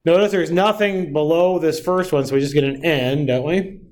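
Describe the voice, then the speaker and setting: Here a man teaches a math class, talking through each step and regularly checking in with tag questions. His pitch is fairly high, his tone darkish, and his speed normal; he is the lecturer in a classroom lecture.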